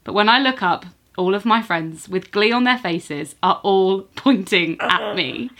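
A woman co-hosting a podcast who reads a listener's story aloud, animated and often breaking into giggles. Her voice is bright and clear, sitting at an ordinary pitch. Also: a little slow, hardly any pauses. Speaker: podcast co-host. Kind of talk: casual chat and reading a listener's story aloud.

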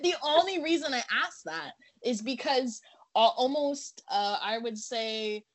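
A young woman joins a casual conversation, teasing and laughing easily. Her voice sits a little higher than most women's. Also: expressive, unhurried. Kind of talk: casual podcast chat.

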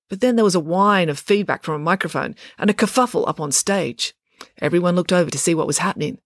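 A woman narrating a children's story with expressive delivery. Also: low voice, no echo, clean studio sound.

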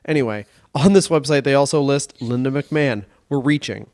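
A man's voice: mid-range voice, brisk, darkish tone, dry recording, studio quality. A man co-hosting a comedy podcast, chatting casually in a rambling, jokey way that trails off.

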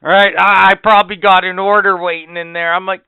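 A man's voice: high voice, little pitch movement, brisk, few pauses, clear, resonant tone, dry recording. A man telling an indignant, profane story in casual podcast chat. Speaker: podcast co-host. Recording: tinny phone-like sound.

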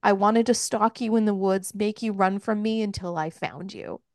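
A woman's voice: mid-range voice, moderate pace, no room sound, clean studio sound, natural voice. A woman voicing a possessive, intense man from a romance novel, blunt and crude, while recapping the book.

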